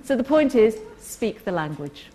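A woman tells a workplace story with lively energy. Her voice sits a little high, and she slips into the voices of the people she quotes. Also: normal speed. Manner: animated, acts out quoted people. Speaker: co-host. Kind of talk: storytelling talk.

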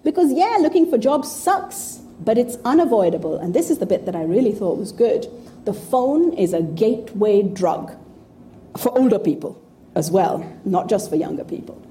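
A woman's voice: mid-range voice, sing-song, normal speed, mellow, slight background noise. A woman in her fifties giving an informal talk to an audience, blunt, profane and sarcastic. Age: 50s. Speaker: speaker addressing an audience.

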